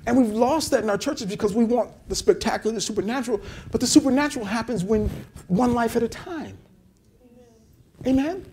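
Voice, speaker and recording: A man's voice: very high-pitched, fast talker, a little mellow, slight background noise. A male pastor preaching a sermon with passion, repeating phrases and calling out to the congregation. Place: church service in a hotel venue.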